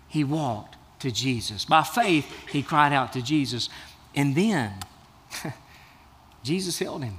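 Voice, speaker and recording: A man's voice: medium pitch, lively intonation, takes it slowly, long pauses, fairly bright tone, husky, in a large hall. A man preaching a sermon as a pastor, earnest and building to emphatic bursts.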